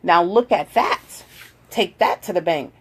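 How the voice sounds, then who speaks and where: Her voice sits on the low side, expressive and unhurried, with a breathy quality. As host of a relaxed live video, she chats, reads viewer comments aloud with warm greetings, and gently mothers her daughter through some coaching.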